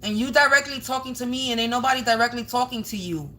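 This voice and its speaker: A bright-toned woman runs a confrontational livestream as a tarot reader. She scolds her viewers bluntly, curses freely and gets louder when she makes her point. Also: a little high, quick pace. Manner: blunt, scolding, swears often, raises voice at times.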